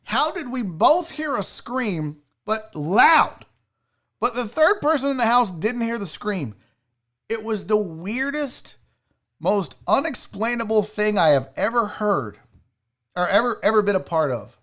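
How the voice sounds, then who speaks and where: A man's voice: high voice, a little slow. A man spins a personal story on his casual show, his voice rising and falling widely. He talks loosely, with restarts and the odd curse word. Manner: animated storyteller who swears casually. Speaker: sports show host.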